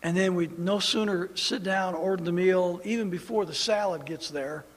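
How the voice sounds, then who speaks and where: A man preaching a sermon as pastor, animated and swinging from loud emphasis to hushed tones. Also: high-pitched, moderate pace, big-room sound.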